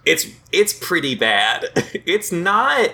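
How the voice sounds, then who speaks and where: A man co-hosting a casual podcast, joking wryly about a movie and tripping over words when excited. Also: a little high, slow pace, gravelly. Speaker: podcast co-host. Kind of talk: casual movie recap chat.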